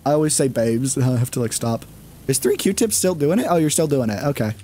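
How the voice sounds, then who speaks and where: A man's voice: mid-range voice, expressive, brisk, warm tone. A man streaming a game, chatting casually and rambling with plenty of fillers. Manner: rambling, lots of fillers and laughs. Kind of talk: casual chat.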